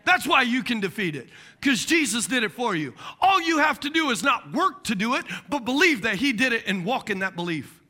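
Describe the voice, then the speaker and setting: Man, pastor, middle-aged, very high voice, sermon, animated, jokey, acts out voices. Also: brisk.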